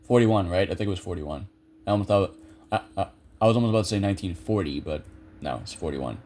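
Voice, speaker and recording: A man's voice: low voice, animated, fast talker, a little mellow, slight background noise. A young man commentating a video game casually, chatty and self-amused, thinking aloud with lots of fillers. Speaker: gameplay video creator.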